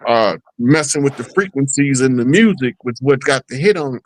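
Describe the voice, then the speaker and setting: A man's voice: mid-range voice, moderate pace, rough recording. A man appearing as a guest on a talk show, speaking in a loose, rambling, conversational way. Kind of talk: casual talk show chat.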